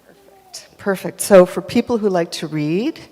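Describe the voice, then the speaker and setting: A woman telling an interactive children's story at a church service, animated and directing children as they hold up props. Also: fairly low pitch, a little slow. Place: church sanctuary. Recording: echoey church hall.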